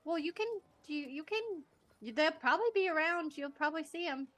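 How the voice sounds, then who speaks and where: A woman playing a mother greeting her returned child in a tabletop game, in an eager, fussing, halting way. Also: high voice, animated, a bit bright, pitched above the performer's own voice. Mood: tender.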